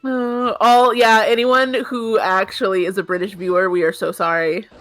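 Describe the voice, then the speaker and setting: A woman's voice: mid-range voice, flat delivery, moderate pace, dry recording, soft background music. A young woman co-hosting a game stream, teasing her friend and reading out chat. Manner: chatty, teasing, laughing. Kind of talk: casual gaming commentary.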